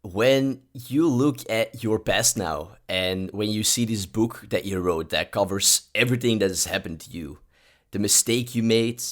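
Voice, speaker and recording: Low-voiced podcast host, soft-spoken. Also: male voice. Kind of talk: interview.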